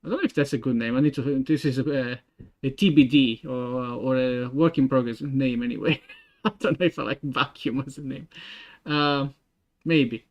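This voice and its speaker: A young man with an Italian accent, a game developer thinking aloud while he works, halting with many fillers and restarts. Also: medium pitch. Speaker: game developer streaming his work. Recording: dull lo-fi stream audio.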